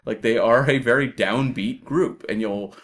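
A man co-hosting a casual discussion, talking in a measured, explanatory way. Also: medium pitch. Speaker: podcast co-host.

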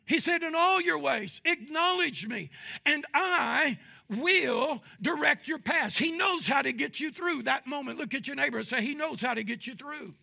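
High, gravelly preaching man. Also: expressive. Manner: preaching that swings between quiet talk and loud shouts; drawn-out, emphatic phrasing. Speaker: pastor. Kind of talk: sermon.

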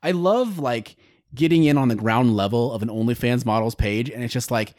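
Male podcast co-host, casual crude banter, middle pitch, dry sound. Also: a little fast, dry recording. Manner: crude, animated storytelling with voiced quotes. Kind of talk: casual chat.

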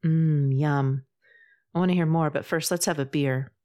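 A woman's voice: low voice, steady tone, measured pace, dark tone. A woman doing a brash, teasing tomboy friend. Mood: joking. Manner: joking, blunt, playful.

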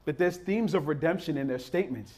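A man preaching a sermon in a rhythmic, repetitive cadence, building to near-shouts. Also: a little high, a little fast.

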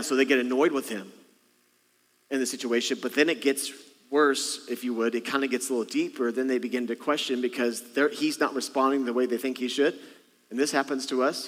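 A man's voice: medium pitch, fairly bright tone. A man preaching a sermon as pastor, talking conversationally to the congregation with rhetorical questions and jokes. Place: church sanctuary. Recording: long reverb of a large hall.

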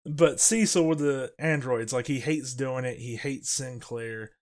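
A man co-hosting a casual podcast discussion, talking animatedly and slipping into quick character quotes as he explains scenes. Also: mid-range voice, darkish tone. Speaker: podcast co-host.

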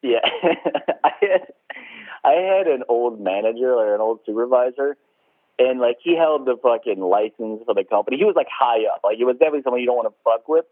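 A man's voice: medium pitch, lively intonation, fairly quick, no room sound. A man telling stories in casual chat, laid-back, swearing a lot and laughing as he talks. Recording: tinny phone-like line.

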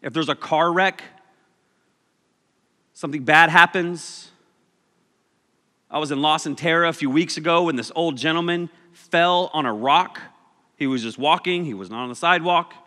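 A man's voice: a little high, normal speed, pauses often, pushed and bright, long reverb tail. A man preaching a casual, joking sermon, telling stories with animation.

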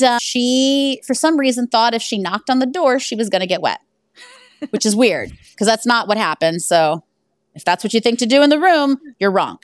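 A woman's voice: fairly high pitch, dry recording, clean studio sound. A woman who owns an escape room, telling stories animatedly in a casual interview and laughing along the way. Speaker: guest.

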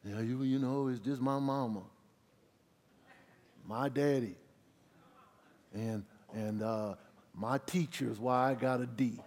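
Pastor preaching with congregation call-outs, hall reverb. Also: male voice, steady tone, slow pace, pauses often. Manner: drops low for asides, rises loud on emphasis. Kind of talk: sermon.

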